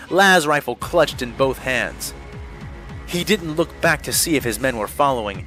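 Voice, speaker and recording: A man narrating an audiobook with a bright, forceful tone and mid-range pitch. His storytelling is steady and dramatic, with faint music playing underneath. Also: low-quality recording.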